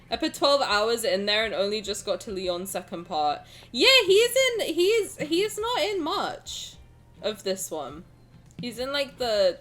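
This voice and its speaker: A young woman streamer chatting casually with her viewers, playful and rambling, with sudden loud bursts. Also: mid-range voice. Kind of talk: casual chat with live chat.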